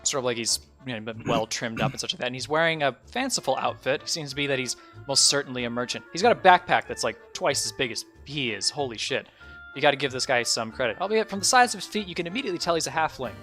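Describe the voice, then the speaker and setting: Young man DM, bright tone, loose rambling narration with casual swearing. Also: mid-range voice, lively intonation, quick pace, faint music behind. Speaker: dungeon master. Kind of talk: narrating a tabletop game.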